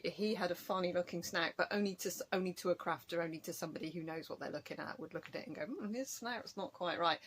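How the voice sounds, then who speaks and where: Chatty woman, rambling vlog. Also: lowish voice. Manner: rambling, chatty, self-mocking. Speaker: craft vlogger. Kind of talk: casual chat. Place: at home.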